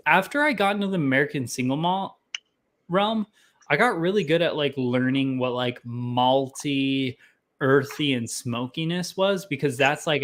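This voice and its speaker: A man's voice: a little high, a bit bright. Casual young man rambling about tasting. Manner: rambling, self-deprecating, lots of fillers. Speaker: whiskey tasting show host.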